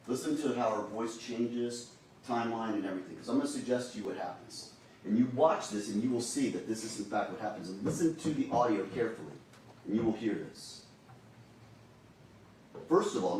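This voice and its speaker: A man delivers a prosecutor's closing argument, urging the jury and driving his points home through repetition. His voice sits at an ordinary pitch for a man. It is heard from some distance in a very echoey courtroom with faint background noise. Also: darkish tone. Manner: urges and repeats to the jury.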